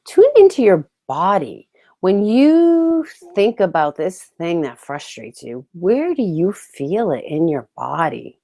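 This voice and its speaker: A woman teaching emotional tapping, leading slow, calm phrases for listeners to repeat after her. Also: fairly low pitch. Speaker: tapping instructor. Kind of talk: guided tapping lesson.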